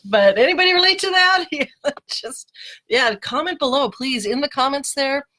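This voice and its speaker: A woman's voice: sits high, animated, normal speed, bright, forceful tone. A middle-aged woman hosting a casual live video show, chatty and laughing often as she greets viewers by name. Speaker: host of a live mindset show. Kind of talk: casual live-stream talk. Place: home, live video broadcast. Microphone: webcam or phone.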